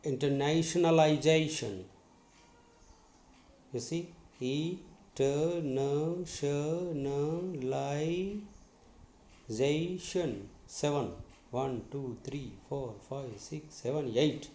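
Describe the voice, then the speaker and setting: A male English teacher giving a lesson, spelling words letter by letter and repeating each one slowly. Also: mid-range voice, a little mellow. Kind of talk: classroom lesson on syllables. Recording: echoey room.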